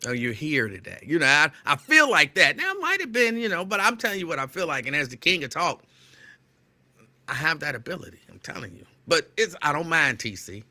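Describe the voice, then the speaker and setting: Excitable bright-voiced male show host. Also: fairly high pitch, a little fast. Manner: animated, excitable, loud at times; playful, teasing. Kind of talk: casual live-show chat greeting listeners.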